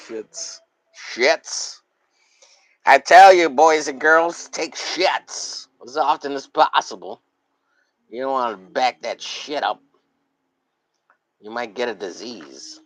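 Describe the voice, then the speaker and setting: A man hosts a live stream, rambling loosely and swearing as he goes. He laughs at his own jokes and drifts between loud bits and muttering. His voice sits at an ordinary middle pitch. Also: dry recording, low-quality recording. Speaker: streamer hosting a drawing stream.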